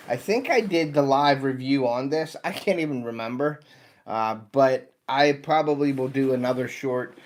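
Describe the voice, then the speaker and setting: A man's voice: medium pitch, a little hiss or hum. Man, 50s, American accent, casual livestream host, tired, chatty, greets viewers by name. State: tired, yawning. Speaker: outdoor channel host.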